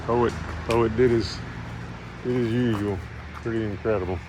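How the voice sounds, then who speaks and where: A man with a somewhat low voice vlogs outdoors, emotional and grateful, his words halting and breaking off. Faint background noise is audible around him. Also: fairly even intonation. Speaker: thru-hiker vlogger. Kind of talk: emotional trail vlog. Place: outdoors at a trailhead.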